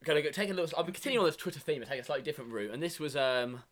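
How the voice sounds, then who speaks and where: A man's voice: a little high, animated, rapid-fire, a bit bright. Hesitant English man chatting. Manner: rambling, hesitant with many ums. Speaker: podcast co-host. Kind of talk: casual banter.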